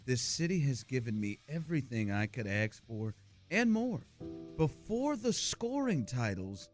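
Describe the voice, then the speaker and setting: A man doing an impression of a male basketball star, reading a farewell post in a slow, soft, solemn way. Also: mid-range voice.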